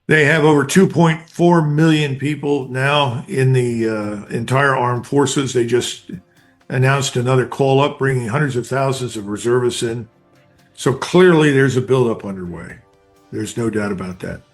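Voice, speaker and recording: A man's voice: mid-range voice, normal speed, faint music behind. Blunt older man giving emphatic analysis. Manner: blunt, emphatic, speaks in short declarative bursts. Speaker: guest commentator, retired army colonel. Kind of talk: conversational interview analysis.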